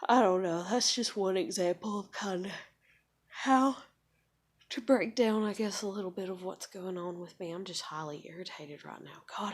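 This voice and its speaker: A woman's voice: mid-range voice, moderate pace, husky. A woman in her thirties venting in a rambling, casual monologue, frustrated and swearing often. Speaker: vlogger.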